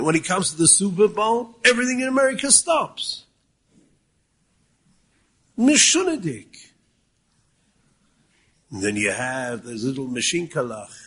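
Delivering a Yiddish-laced Torah talk, this man speaks in a fairly high, slightly bright voice with a breathy edge. His Yeshivish accent carries Yiddish and Hebrew words, and he leans on rhetorical questions, Hebrew citations and occasional raised-voice emphasis.

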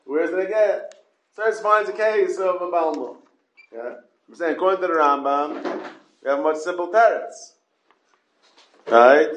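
A man's voice: a little high, unhurried, pauses often, fairly bright tone, reverberant, a little hiss or hum. A man teaching a Talmud class, repeating points and asking rhetorical questions. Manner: explains in repeated questions, stressing key words.

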